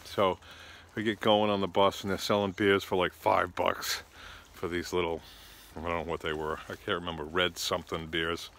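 Brief: casual, exasperated male storyteller, slightly low voice, loose and rambling. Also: flat delivery, normal speed, fairly bright tone, slight background noise.

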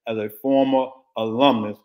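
A man's voice: mid-range voice, steady tone, normal speed, narrow, tinny audio. An older man from Texas, a former football coach, giving blunt, emphatic football analysis in casual talk and repeating his points.

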